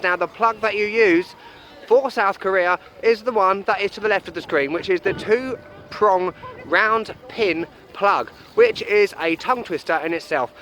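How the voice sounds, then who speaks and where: A man's voice: high-pitched, fairly bright tone, slight background noise. A young man presenting a cheerful travel guide vlog, explaining things patiently with a self-deprecating manner. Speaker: travel vlogger. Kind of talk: upbeat travel guide to camera.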